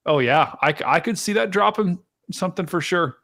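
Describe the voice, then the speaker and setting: A man hosting a live storm-tracking stream, chatting casually to his viewers and explaining radar, excitable and talkative. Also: high voice, a little fast. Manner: excitable, chatty, talks to chat directly. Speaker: livestream weather host.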